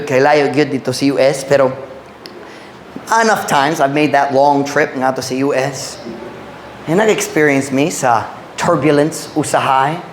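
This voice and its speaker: An American man preaches a sermon in a church, his voice sitting a little high as he switches between English and Cebuano. He gets animated and shouts at the peaks. The sound is roomy and echoey, with faint noise behind it. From United States. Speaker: pastor.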